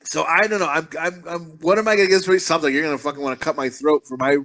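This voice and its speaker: A man's voice: a little high, fairly even intonation, very fast, fairly bright tone. A man co-hosting a movie podcast, telling long crude rambling stories in casual chat, full of swearing. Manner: profane, rambling storyteller. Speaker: podcast co-host.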